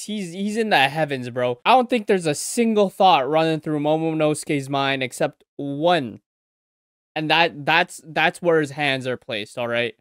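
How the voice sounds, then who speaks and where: A man reacting to an anime episode, moving between low muttering and sudden loud outbursts. He stammers, repeats himself and swears freely. His voice sits on a close mic with a dry, echo-free sound. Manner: excitable, swings between mumbling and loud outbursts. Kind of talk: casual reaction commentary.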